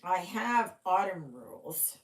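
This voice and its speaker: A woman's voice: fairly low pitch, expressive, takes it slowly. A middle-aged woman hosting a cross-stitch livestream, chatting casually with viewers, yawning and trailing off now and then. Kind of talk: casual chat with live viewers. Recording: echoey room.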